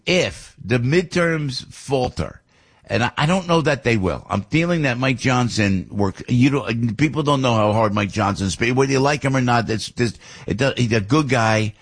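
A man's voice: medium pitch, animated, moderate pace, husky. A man hosting a talk show, rambling in a chatty, casual way with lots of fillers and asides. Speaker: radio talk host. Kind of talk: casual monologue.

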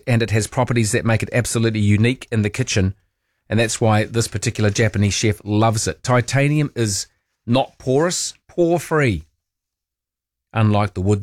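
A man's voice: on the low side, no echo. A male talkback host chats through the small hours, wry and full of questions for his listeners. The voice sits close to the mic in a dead, dry studio. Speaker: late-night talk radio host. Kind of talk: casual talkback chat. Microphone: studio microphone.

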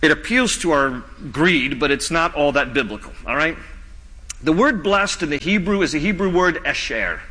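A male pastor preaching a sermon, slow and emphatic, dropping low and soft on key lines. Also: expressive, in a large hall, poor audio.

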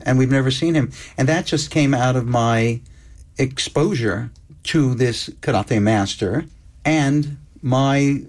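An older man, a guest on an interview show, telling stories in a wry, unhurried way and lingering on his words. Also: mid-range voice, a little mellow. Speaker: screenwriter guest. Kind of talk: interview chat.

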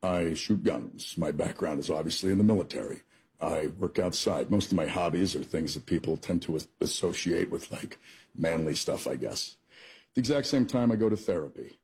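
A man's voice: low-pitched, lively intonation, moderate pace, a little mellow, slightly rough. A man answering questions in a radio interview, hesitant and searching for his words. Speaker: interview guest.

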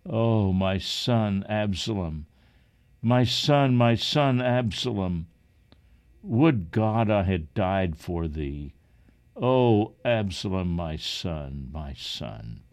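A man's voice: sits low, lively intonation, slow pace, darkish tone, full character voice. Grieving old king, read by a man. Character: grieving aged male king.

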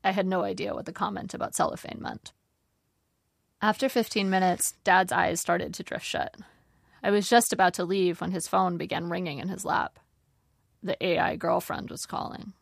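Woman with a gravelly memoir-reading voice. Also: on the low side, fairly even intonation, normal speed, dry recording, studio quality. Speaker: narrator. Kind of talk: reading a personal memoir aloud.

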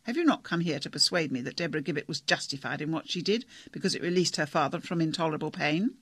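Pompous doctor, declamatory and stern, gravelly and husky, read by a man. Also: fairly high pitch, animated, fast talker, a bit bright, no room sound, exaggerated voice. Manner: declamatory, speechifying.

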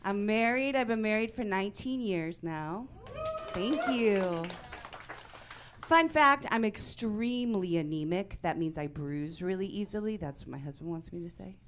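A woman in her forties performing a stand-up comedy set, telling stories in a deadpan way that breaks into loud outbursts. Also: mid-range voice, unhurried, noisy background.

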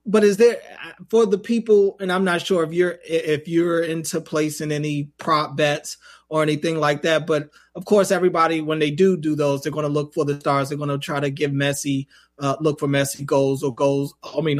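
A man hosting a sports talk show, asking long winding questions with restarts. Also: on the high side. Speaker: host.

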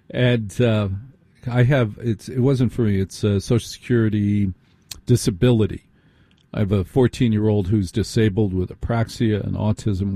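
A man's voice: lowish voice, dark tone, no room sound. A man hosting a late-night radio talk show, speaking conversationally and putting rhetorical questions straight to his listeners. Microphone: studio microphone.

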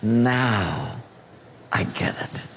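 Animated storytelling preacher. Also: male voice, extremely slow, long reverb tail, slight background noise. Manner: animated storyteller who swings his pitch and laughs through his story. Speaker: pastor. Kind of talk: storytelling sermon.

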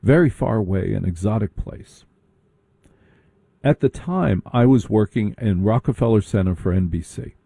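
Dark-voiced man telling a comic story. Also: on the low side, animated, normal speed, vocal fry, breathy edge, no echo, clean studio sound. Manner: mocking, breaks into put-on preppy voices.

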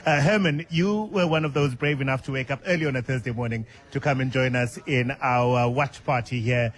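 Radio host, mid-pitched man. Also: a little fast. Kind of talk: radio talk show hosting. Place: radio studio.

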